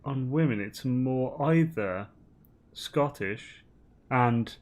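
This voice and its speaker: A man's voice: medium pitch, animated, extremely slow, a little mellow. A man streaming a game, chatting in a rambling, giggly way full of ums and restarts. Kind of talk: casual gaming banter.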